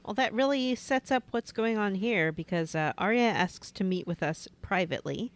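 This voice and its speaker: A woman's voice: medium pitch, moderate pace. A woman co-hosting a casual podcast, recapping a video game in a playful, storytelling way.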